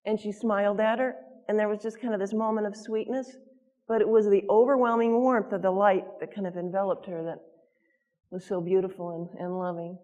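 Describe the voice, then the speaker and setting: A woman's voice: mid-range voice, level tone, fairly quick, darkish tone, dull audio. Earnest woman narrating a story, echoing hall. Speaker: co-author and speaker. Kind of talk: storytelling talk.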